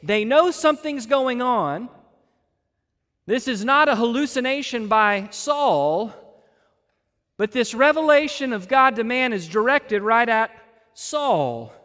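High-voiced preacher in a reverberant hall. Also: male voice, expressive, takes it slowly, fairly bright tone. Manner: emphatic, stretches key words for weight. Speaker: pastor. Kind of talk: expository sermon. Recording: long reverb of a large hall.

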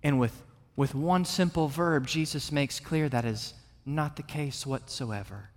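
Man, pastor, sermon, earnest, rising to forceful emphasis, slightly high voice, long hall reverb. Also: a little slow. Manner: earnest preaching, building to emphatic peaks. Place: church sanctuary.

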